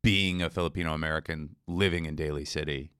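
A man with a very deep, smooth, resonant voice co-hosts a podcast. He talks earnestly and thoughtfully, pausing now and then to find his words. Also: fairly even intonation, fairly bright tone. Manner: earnest, thoughtful, a bit halting. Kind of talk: casual podcast chat.

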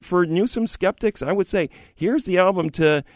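A man co-hosting a radio music review show, explaining his views in a measured, earnest way. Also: high voice, darkish tone, dry recording, clean studio sound. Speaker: music critic co-host. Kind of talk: studio review chat. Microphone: studio microphone.

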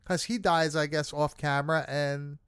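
A man's voice: fairly high pitch, steady tone, moderate pace, fairly bright tone, clean tone, no room sound, clean studio sound. A man casually recapping a horror film with friends, swearing often and leaning on fillers. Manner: loose, swearing, many fillers.

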